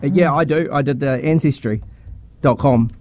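A man's voice: fairly high pitch, moderate pace, a little mellow, dry recording. A man with a New Zealand accent, the show's director, chipping in with sheepish, laughing asides. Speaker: show director.

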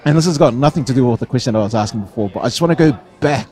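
A man with a New Zealand accent hosting a radio show, reading out listener texts and chatting in an animated, jokey way. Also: mid-range voice, very fast, slightly rough. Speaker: radio host.

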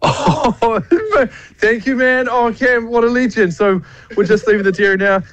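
A man's voice: very high voice, a little slow, fairly bright tone, no echo. A man with a New Zealand accent, a radio co-host calling in from the street, nervous and giggly in a live radio bit.

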